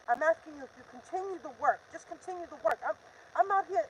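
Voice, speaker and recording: A woman's voice: sits high, quick pace, lo-fi sound, slight background noise. An older woman hosting a live stream, talking in an urgent, defiant, repetitive rant. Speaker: livestream host.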